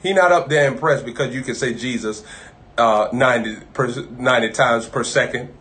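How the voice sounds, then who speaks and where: A man preaching an informal live-streamed sermon, talking conversationally and repeating himself, moving from loud bursts to low asides. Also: a little fast.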